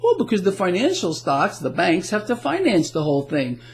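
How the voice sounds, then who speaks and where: A middle-aged man hosting a casual market commentary blog, animated and sarcastic, stumbling into restarts. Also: high-pitched, normal speed.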